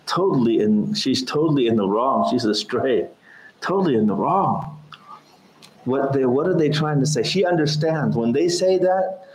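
A man teaching a religious lesson, animated and storytelling, chuckling often as he talks. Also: medium pitch, a little hiss or hum. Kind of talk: sermon with humor. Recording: echoey room.

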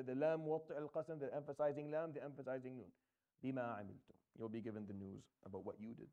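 A man's voice: mid-range voice, vocal fry, mellow. A man teaching a Quran tafsir lesson, explaining Arabic grammar step by step and reciting verses, with frequent fillers and restarts.

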